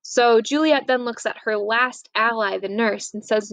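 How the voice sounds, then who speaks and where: A young woman teacher talking through a story in a chatty, easygoing lesson voice. Her pitch sits fairly high, and the sound is close and dry with no room echo around it. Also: measured pace, vocal fry, hardly any pauses. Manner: chatty, lively, acts out quotes. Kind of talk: casual summary of a play.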